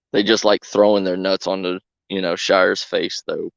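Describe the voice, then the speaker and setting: A man's voice: low voice, creaky, no echo, highs cut off. A man streaming a game, bantering with his chat in a joking, giggly way. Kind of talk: casual chat to stream viewers.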